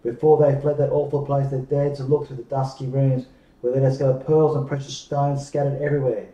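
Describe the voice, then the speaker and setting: A man reading a fairy tale aloud in a measured way, pausing for drama, recorded off-mic in an echoey room. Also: medium pitch, little pitch movement, warm tone, distant mic. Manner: measured, slowing for dramatic pauses. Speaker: storyteller. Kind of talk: storybook read-aloud.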